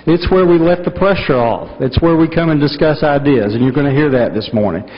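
A man with a North Georgia mountain accent, a state senate majority leader giving a folksy, earnest floor address with many pauses. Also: a little high. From North Georgia, USA. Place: large legislative chamber. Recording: dull broadcast audio with long chamber reverb.

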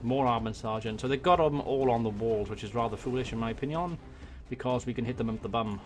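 Excitable Welsh man narrating a game. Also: mid-range voice, fast. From Wales. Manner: excitable, swears and mutters to himself, bursts into shouts at charges. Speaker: gaming YouTuber. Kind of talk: let's-play commentary. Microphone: desk USB microphone.

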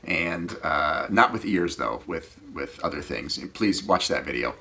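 A man who teaches scuba, telling rambling, animated stories in a casual way that often trails off quietly. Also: rumbling low, measured pace, gravelly. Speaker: scuba diving instructor. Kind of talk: casual anecdotal storytelling.

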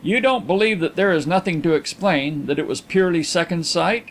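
A man voicing a calm gentleman detective in an audiobook, measured and dryly ironic. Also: on the high side.

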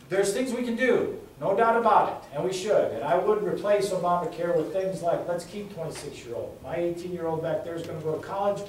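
A man's voice: high-pitched, darkish tone, slight background noise. Folksy middle-aged man, echoey from afar. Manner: folksy storytelling with emphatic repetition. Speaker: congressional candidate. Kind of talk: campaign speech. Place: indoor meeting room. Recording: echoey room, recorded from far off.

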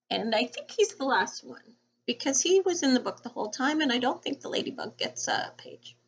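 Teacher, woman, high voice, slow playful read-aloud, muffled home recording. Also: big pitch swings, a little hiss or hum. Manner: playful, sing-song animal rhymes. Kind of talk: read-aloud lesson for children.

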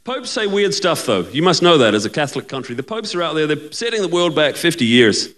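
A male stand-up comedian who chats and teases, checking in with the crowd with short questions. His voice sits fairly high for a man and moves about freely in pitch. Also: very animated, brisk, fairly bright tone. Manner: chatty, teasing, asks the crowd for agreement.

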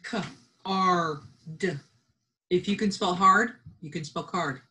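Slow, breathy woman teacher sounding out words. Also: fairly low pitch, bright, forceful tone. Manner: encouraging, speaks to absent students. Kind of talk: remote phonics and spelling lesson.

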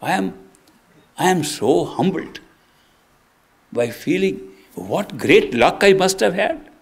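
Older male spiritual teacher with a slightly raised voice, telling devotional stories earnestly, hushed one moment and emphatic the next. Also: high-pitched, gravelly, breathy edge. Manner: earnest, reflective storytelling with wide swings between soft and emphatic. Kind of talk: devotional discourse.

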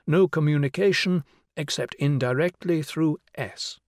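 A man's voice: fairly high pitch, a little slow, dry recording, lightly acted. A man reading the part of a patient, playful young male teacher who explains and questions a class of children. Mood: lecturing. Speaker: schoolteacher. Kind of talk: audiobook character reading.

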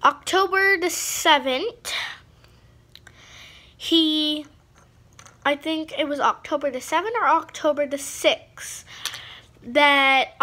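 High bright girly voice, slow rambly vlog chat, lots of "like". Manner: rambling, full of "like" and restarts. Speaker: vlogger. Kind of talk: casual chat to camera.

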